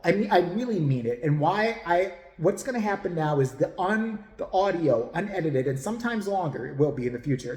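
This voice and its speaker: A man's voice: on the high side, a little mellow, roomy sound, long reverb tail. A man hosting a podcast, talking casually to viewers in a blunt, rambling, profane way. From United States. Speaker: podcast host.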